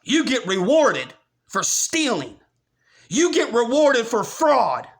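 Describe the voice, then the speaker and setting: A man delivering a furious, profane rant, often breaking into shouts. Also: very high voice, wildly swooping pitch, takes it slowly. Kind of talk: angry rant.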